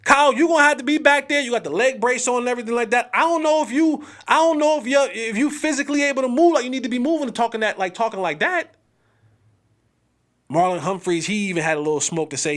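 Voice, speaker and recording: A male host giving casual, slangy sports commentary, emphatic and animated, with drawn-out exclamations and lines spoken straight to the viewers. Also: very high-pitched.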